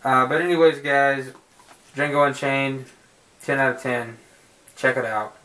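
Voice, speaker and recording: A man's voice: medium pitch, fairly even intonation, measured pace, sharp tone. Rambling, cursing man reviewing a movie. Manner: rambling, profane and jokey, with frequent fillers. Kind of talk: casual home video review.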